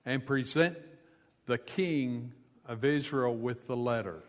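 A man's voice: medium pitch, slow pace, big-room sound. A man preaching a sermon, retelling a scripture story in a conversational way with casual asides. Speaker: pastor.

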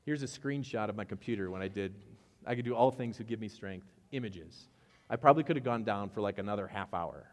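Animated storytelling pastor in a reverberant hall. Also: male voice, lowish voice, a little fast. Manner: animated storytelling, acts out both sides of conversations. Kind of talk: conversational sermon with personal stories.

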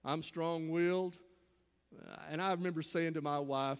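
A man's voice: on the high side, steady tone, fairly quick. A man in his fifties preaching a sermon as a pastor, earnest, asking rhetorical questions and building to emphatic exhortation. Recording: long reverb of a large hall.

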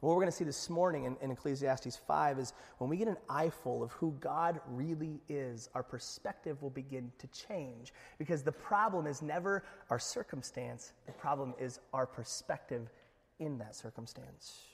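A man's voice: medium pitch, normal speed, creaky. A man preaching a sermon to his congregation, speaking conversationally with asides and building to emphatic peaks. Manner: animated preaching with rising emphasis. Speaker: pastor. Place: church sanctuary. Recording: echoey hall.

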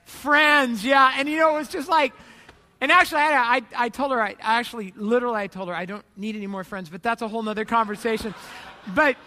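A man preaching a sermon, chatty and self-deprecating, full of restarts and asides. His voice sits very high and sounds bright and forceful. A long reverb from the hall trails after him. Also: steady tone, fast talker. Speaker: pastor.

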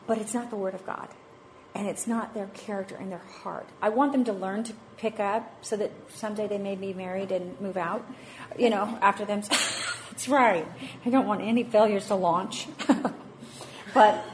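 A woman's voice: medium pitch, a little mellow, a little hiss or hum. A woman in her thirties, a mother of five, giving a chatty, self-mocking talk on parenting and faith to a church group, laughing often. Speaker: speaker at a parenting session.

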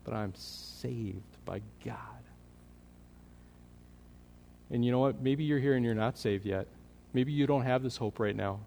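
A man preaching a sermon as pastor, earnest, building in energy and then dropping to a quiet, prayerful tone. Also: medium pitch, fairly quick, few pauses, slight background noise. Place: church sanctuary. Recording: long hall reverb.

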